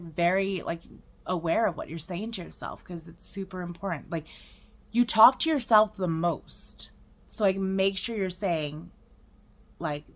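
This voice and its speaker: A woman's voice: fairly low pitch, fairly bright tone. A young woman vlogging casually about self-care, chatty and enthusiastic, with lots of fillers. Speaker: lifestyle vlogger. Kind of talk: casual self-help vlog.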